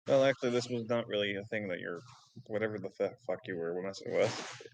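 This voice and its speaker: Sardonic man with a low voice. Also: steady tone, brisk, creaky, background noise. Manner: blunt, sardonic, lecturing. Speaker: player. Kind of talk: in-character tabletop banter.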